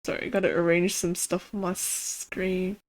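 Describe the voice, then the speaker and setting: A woman's voice: on the low side, flat delivery, a little slow. A young woman streamer making casual, giggly joking asides while playing a game. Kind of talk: casual live-stream commentary.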